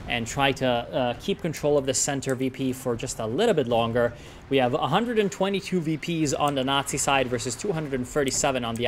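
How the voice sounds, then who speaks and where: Bright, excitable male game caster. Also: mid-range voice, a little hiss or hum. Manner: excitable, swears and rants at players. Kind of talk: casual gameplay commentary.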